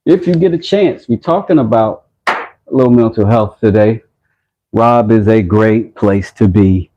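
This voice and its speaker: A man's voice: fairly low pitch, a little slow, dark tone, dull audio, slight background noise. A man hosting a casual woodworking livestream, rambling and self-mocking as he reads chat messages aloud.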